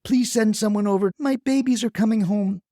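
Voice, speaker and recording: A woman's voice: normal speed, mellow, no room sound, studio quality, natural voice. A performer voicing a frantic, gossiping neighbor woman who panics while reporting to a dispatcher. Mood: alarmed. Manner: breathless, panicky, shrill.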